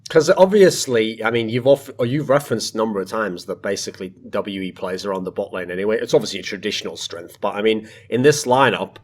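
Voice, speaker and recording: A man's voice: lowish voice, fast talker, hardly any pauses. Man hosting a casual esports panel. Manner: emphatic, rambling, fond of asides. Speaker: podcast host.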